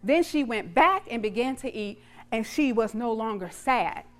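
A woman preacher retelling a Bible story in a sermon, dramatic and lively with touches of humor. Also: fairly high pitch, normal speed.

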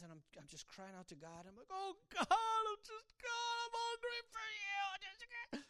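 A man preaching a sermon, telling his own story, his voice swinging from hushed to loud. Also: on the high side. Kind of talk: sermon testimony.

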